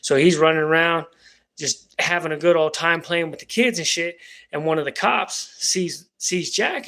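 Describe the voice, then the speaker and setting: A man spinning a long personal story on a livestream, casual and rambling. His talk is full of slang and swearing, with a voice on the higher side for a man. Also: normal speed, pushed and bright. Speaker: livestream host.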